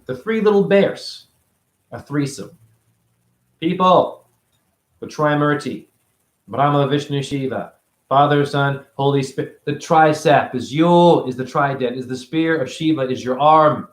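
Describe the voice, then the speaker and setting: A man giving a rambling spiritual monologue, free-associating and preachy, jumping between high exclamations and low mutters. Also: measured pace, echoey room. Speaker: spiritual teacher.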